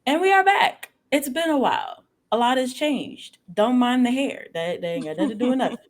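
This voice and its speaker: A woman's voice: high voice, animated, fairly quick. A woman from Texas hosting a live stream interview, talking with playful, slangy hype. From Austin, Texas. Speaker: host.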